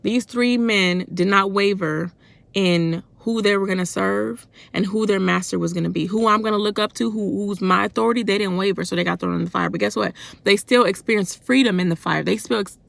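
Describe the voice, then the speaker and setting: A woman giving a fervent, colloquial devotional talk for her faith vlog. She speaks loudly and in a worked-up way, and keeps asking rhetorical questions. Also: medium pitch, brisk, vocal fry, dry recording. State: loud and worked up. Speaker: faith vlogger.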